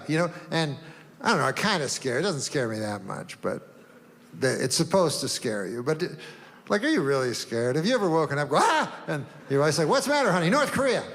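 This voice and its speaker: Deadpan man doing stand-up in a hall. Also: a little high. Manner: deadpan, rambling, with long setups. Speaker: stand-up comedian. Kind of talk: stand-up routine. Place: comedy stage. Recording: live stage recording in a reverberant hall, faint ambience.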